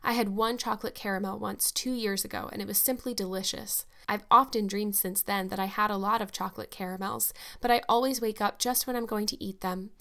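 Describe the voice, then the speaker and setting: Audiobook casting: a woman reading as a dreamy orphan girl of eleven, gushing and dramatic, pitched a little above the reader's own middle voice. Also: fairly even intonation, fairly quick, creaky, hardly any pauses, fairly bright tone. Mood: eager.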